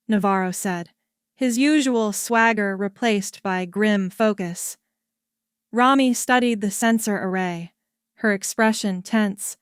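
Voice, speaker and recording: A woman narrates a sci-fi story at an unhurried, slow pace. Her voice is smooth and resonant, recorded close and dry with no room sound. The telling stays steady and even. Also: mid-range voice, no echo.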